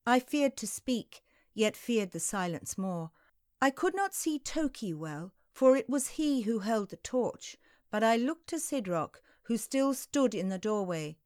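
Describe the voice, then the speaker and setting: A woman narrating a historical novel in the first person, in a slow, unhurried audiobook reading. Her voice sits mid-range and is recorded dry and close, with no room sound. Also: fairly high pitch, lively intonation, darkish tone, dry recording. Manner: slow, measured storytelling.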